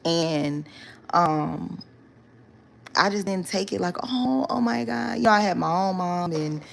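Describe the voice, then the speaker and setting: A young woman spins a long personal story for her viewers, leaning on slang, fillers and "right?" tags. Her voice sits low and carries a gravelly fry. A faint background hiss runs under it. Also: steady tone, a little slow. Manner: chatty, loose slang, many fillers and "right?" asides. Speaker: storytime vlogger.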